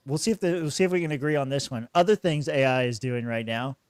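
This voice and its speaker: A man's voice: mid-range voice, quick pace, a little mellow, clean tone, dry recording. A man hosting a podcast in easygoing casual chat, laughing often. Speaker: podcast host.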